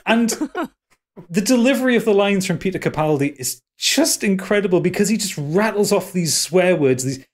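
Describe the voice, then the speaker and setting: A man's voice: high voice, animated, moderate pace. A man with a Geordie accent hosting a podcast in casual chat, rambling with fillers and restarts. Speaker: podcast host.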